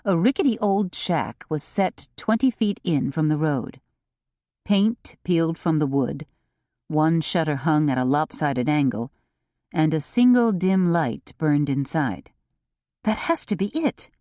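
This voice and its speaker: A woman narrating a cozy mystery audiobook in an expressive, unhurried reading. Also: deep voice, dry recording, clean studio sound. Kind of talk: scripted narration.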